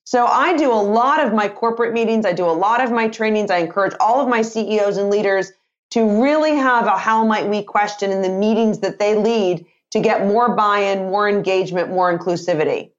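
Casting: woman in her 50s, energetic interview guest, muffled lo-fi audio. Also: mid-range voice, fairly quick. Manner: energetic, expressive, acts out example dialogue. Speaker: author and sales trainer.

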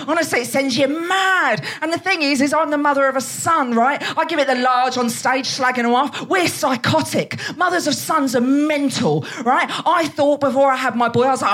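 A woman's voice: high voice, a bit bright. Brash sweary woman doing stand-up. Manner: brash, sweary, fast storytelling. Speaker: stand-up comedian. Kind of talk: live stand-up set. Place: theatre stage before a live audience.

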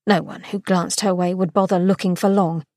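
A woman, a podcast co-host, reading an excerpt from a romance novel aloud in an expressive, dramatic way. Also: fairly low pitch, normal speed, no room sound, studio quality.

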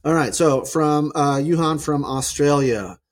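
A man's voice: fairly high pitch, unhurried. A man co-hosting a podcast, chatting and joking with plenty of fillers. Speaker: podcast co-host. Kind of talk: casual podcast chat.

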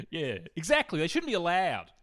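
Man, comedy host; dry, teasing, animated pitch, close dry recording. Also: normal speed, dry recording. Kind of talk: casual chat.

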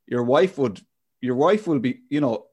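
A man's voice: mid-range voice, animated, unhurried, a little mellow, breathy edge. An Irish man in his forties hosting a podcast, talking in a reflective, frank way with casual swearing. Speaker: podcast host. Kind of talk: candid podcast chat.

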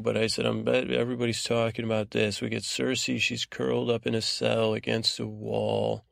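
A man hosting a sleep podcast, recapping a TV episode in a meandering, low-key way full of fillers. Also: creaky, no room sound, clean studio sound. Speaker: podcast host. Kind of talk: rambling bedtime recap.

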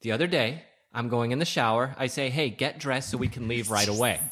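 A man's voice: mid-range voice, brisk, fairly bright tone. A man in casual chat, indignantly insisting on his point. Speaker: guest, husband.

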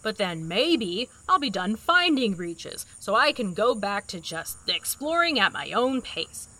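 A woman's voice: mid-range voice, animated, normal speed, bright, forceful tone, rough recording. A woman playing a brash, impatient young explorer who talks bluntly, swears and uses dry sarcasm in an audio drama. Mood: sarcastic.

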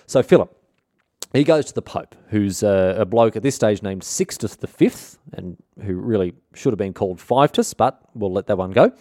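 A man's voice: fairly low pitch, lively intonation, moderate pace, dark tone, no echo, studio quality. A man hosting a comic history podcast, talking in an irreverent, rambling, slangy way and interrupting himself often. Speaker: podcast host.

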